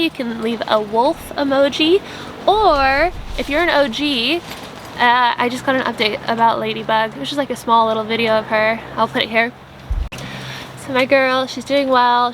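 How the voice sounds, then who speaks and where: A young woman, a vlogger and app founder, chats casually from a tent at a campsite in a spiritual vlog, earnest and rambling and full of "like." Her voice is on the high side with a fairly bright tone, and there's a little hiss or hum.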